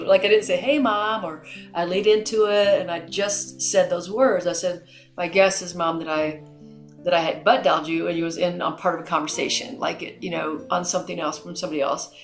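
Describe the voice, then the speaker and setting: A middle-aged woman hosting a podcast, telling stories in an animated way and acting out the dialogue. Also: on the low side, moderate pace, reverberant, faint music behind. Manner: animated storyteller, acts out dialogue. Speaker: podcast host. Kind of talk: conversational interview.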